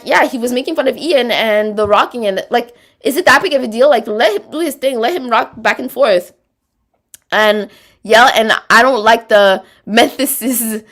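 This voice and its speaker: A woman's voice: fairly high pitch, a bit bright. A woman with a Quebec French accent, hosting a casual livestream, chatting, rambling and reading viewer comments aloud. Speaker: livestream host reading chat.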